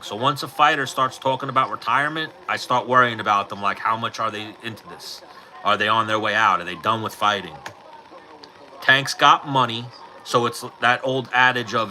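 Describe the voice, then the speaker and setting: A middle-aged man hosting a casual livestream chat, telling fight stories in an animated way, swearing freely and acting out what people said, into his own mic. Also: mid-range voice, a little hiss or hum, rough recording. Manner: animated storytelling, swears freely, acts out quotes. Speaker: livestream host. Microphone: personal mic.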